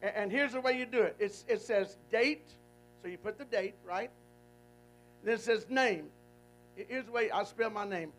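A man's voice: high voice, unhurried, pauses often, poor audio. A man preaching a folksy, call-and-response sermon, emphatic and repetitive. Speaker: guest preacher.

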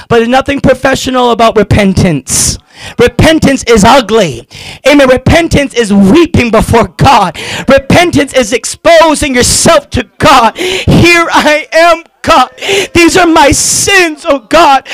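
A man preaching a fervent sermon to his congregation, calling for responses and shouting at the peaks with drawn-out emphatic phrases. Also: very high-pitched, creaky, no room sound, rough recording. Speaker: pastor. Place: church.

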